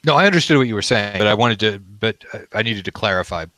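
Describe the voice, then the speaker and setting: Male game master, low voice, dry close sound, casual describer. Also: animated, quick pace, bright, forceful tone, no room sound. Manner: loose, conversational scene description. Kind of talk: narrating a tabletop game.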